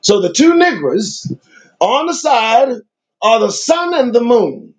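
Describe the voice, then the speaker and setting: A man's voice: very high-pitched, very animated, takes it slowly, poor audio. A man reading old scripture aloud and breaking off into casual commentary full of emphatic rhetorical questions.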